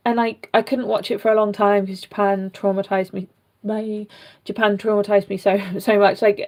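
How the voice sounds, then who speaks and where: A woman's voice: mid-range voice, vocal fry, darkish tone. A young British woman vlogger chatting casually and rambling, with many fillers and asides, while rerooting a doll. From Britain.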